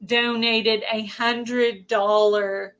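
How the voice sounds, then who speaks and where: Hoarse Southern woman hosting a livestream. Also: fairly high pitch, level tone, drawn-out words, fairly bright tone. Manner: chatty, greets viewers by name. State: hoarse, losing her voice. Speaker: host of a livestream. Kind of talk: casual livestream chat.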